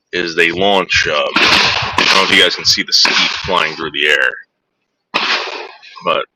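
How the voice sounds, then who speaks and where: A man's voice: sharp tone, slight background noise, low-quality recording. A man casually narrating a vlog while driving around and talking to his dogs. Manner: soothing his dogs in a higher coaxing voice. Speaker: vlogger.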